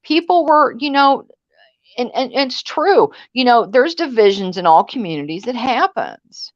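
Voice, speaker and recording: A woman's voice: on the high side, sing-song, normal speed, no echo, muffled recording. A woman co-hosting a casual livestream panel, talking bluntly and bossily and tossing out insults. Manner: blunt, bossy and name-calling. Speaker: panel co-host.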